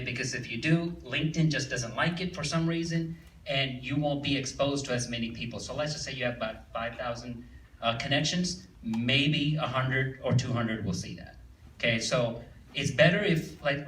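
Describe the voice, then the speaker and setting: A man's voice: medium pitch, a bit bright, slight background noise. A man speaking as a guest presenter to a live audience, casual and full of fillers, asking the room questions. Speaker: guest speaker, social media marketer. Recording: echoey room, far from the mic, faint ambience.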